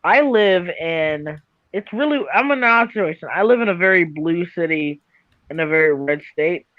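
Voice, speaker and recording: Young southern kentucky dude, high voice, loose slangy rambling, dull dry mic. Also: male voice, lively intonation, normal speed, dry recording. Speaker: friend in group voice chat. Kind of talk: casual chat.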